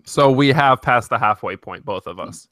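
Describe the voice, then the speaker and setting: A man's voice: mid-range voice, normal speed, sharp tone, no echo, studio quality. A man hosting a casual gaming podcast, laughing often between his words. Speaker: podcast host.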